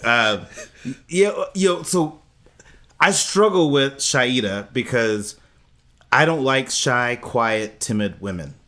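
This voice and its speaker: A man's voice: medium pitch, expressive, slow pace, sharp tone. Blunt, opinionated podcast co-host man. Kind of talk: casual recap chat.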